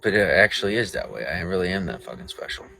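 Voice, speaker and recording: A man's voice: low voice, expressive, fast, creaky, bright, forceful tone. A man on a livestream chatting casually with viewers, crude, profane and riled up.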